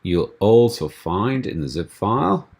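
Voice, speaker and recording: A man from a theme company walking through a screencast tutorial, explaining steps in a relaxed way with frequent ums and restarts. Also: fairly low pitch, a little slow, vocal fry. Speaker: theme developer giving a tutorial.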